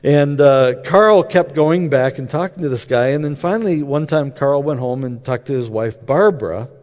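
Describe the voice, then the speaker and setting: A man's voice: mid-range voice, lively intonation, normal speed, a little mellow. Man telling a story in a reverberant hall. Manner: conversational, acts out quoted dialogue. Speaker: speaker telling a faith story. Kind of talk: anecdotal storytelling talk.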